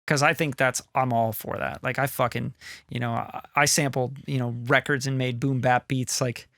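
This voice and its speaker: Bright-voiced middle-aged man chatting. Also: medium pitch, flat delivery, normal speed, gravelly, no room sound, studio quality. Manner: loose, rambling, swears casually. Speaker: podcast co-host, music producer. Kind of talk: casual chat.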